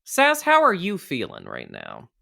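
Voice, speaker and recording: Brief: woman co-host, very low voice swooping widely, dry judge. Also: wildly swooping pitch, a little slow, gravelly, pushed and bright. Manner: dry, mock-solemn verdicts. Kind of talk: casual chat.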